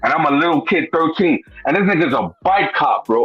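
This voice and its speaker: Talking fairly quickly and animatedly, with hardly any pauses, this Brooklyn guest has a slightly high, husky voice as he recounts a personal story full of profanity, "bro," and "you know what I'm saying." There's no echo, the highs are cut off, and faint music plays underneath.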